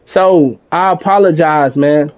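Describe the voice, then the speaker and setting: A man streaming games, talking in a calm, rambling, self-reflective way, with many restarts and some casual swearing. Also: a little high, measured pace, dull audio. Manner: casual speech with mild swearing. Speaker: gaming streamer.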